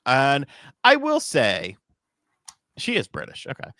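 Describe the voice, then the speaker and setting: Man, casual stream host, rambling, animated pitch, dry close sound. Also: slow, dry recording. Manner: rambling, swears casually, laughs at own bits. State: tired from little sleep. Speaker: podcast host. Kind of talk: casual livestream chat.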